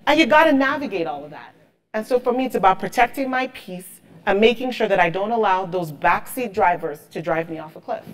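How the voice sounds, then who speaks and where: A woman's voice: mid-range voice, expressive, a little fast. A woman in her thirties, a marketing executive, speaking emphatically and with motivation as the guest of an onstage interview, often repeating words for stress.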